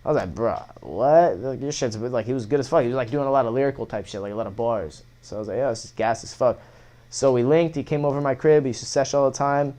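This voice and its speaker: A young man chats casually as a guest on an interview podcast. He tells his stories in loose slang, swears often, and acts out old conversations with lively energy. His voice sits at a middle pitch. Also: rapid-fire, hardly any pauses. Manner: laid-back slangy storytelling, swearing, animated retellings. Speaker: guest musician.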